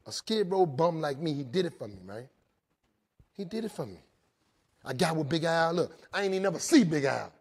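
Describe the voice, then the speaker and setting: Husky, animated male storyteller. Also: sits high. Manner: animated storytelling, swinging loud and soft, asks the crowd "right?". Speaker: recovery speaker. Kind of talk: storytelling talk to a live audience. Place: jail, indoors.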